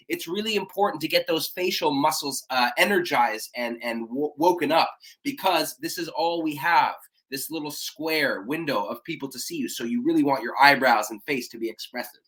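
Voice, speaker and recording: A man leading a public speaking warm-up workshop, coaching breathing and voice exercises with an energetic manner and a slightly cracking voice. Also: a little high. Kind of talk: live-streamed warm-up workshop.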